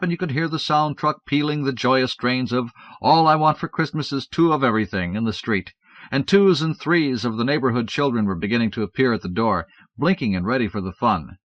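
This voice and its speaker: A man's voice: medium pitch, fairly bright tone, no room sound. A man narrating a first-person audiobook in a wry, matter-of-fact storytelling manner. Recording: dull, dry 1970s cassette audiobook.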